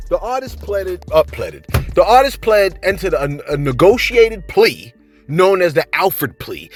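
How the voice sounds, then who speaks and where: A man in a casual celebrity-news vlog, loose and full of slang, leaning on fillers and quick laughs. His pitch swings widely, jumping up whenever he voices viewers or quotes. There is faint music behind him. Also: husky. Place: home.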